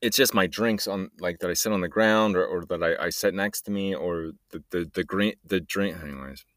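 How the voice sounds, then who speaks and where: A man's voice: low-pitched, moderate pace, fairly bright tone, dry recording, clean studio sound. A man hosting a solo podcast, rambling and joking in a meandering way and trailing off mid-sentence. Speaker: podcast host.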